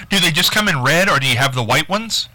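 A man's voice: fairly high pitch, animated, normal speed, bright, forceful tone, no echo. A man co-hosting a radio call-in show, teasing and laughing often. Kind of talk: casual radio chat.

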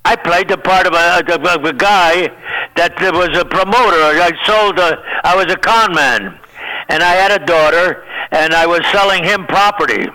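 An older man, a veteran comedian, telling show business stories in a lively, laughing way. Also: high voice, moderate pace, low-quality recording. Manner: animated storyteller, laughs often, acts out quotes. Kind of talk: casual anecdote chat.

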